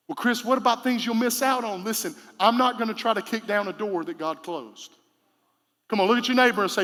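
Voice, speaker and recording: A male pastor, preaching a sermon in a conversational style with sudden loud, emphatic bursts. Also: high voice, brisk, in a large hall. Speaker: senior pastor. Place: church sanctuary.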